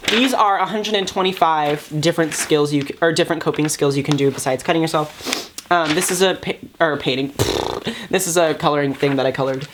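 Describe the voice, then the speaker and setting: A young YouTuber talks casually to his camera in a vlog, hesitant and full of fillers but deliberately keeping things upbeat. His voice is on the high side, with background noise audible.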